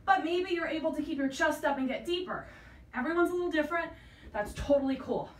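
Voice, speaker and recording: Counting reps while working out herself, a woman leading a fitness class sounds out of breath but encouraging. Her voice sits high and is animated and quick, picked up by a distant mic in an echoey room with a little hiss or hum.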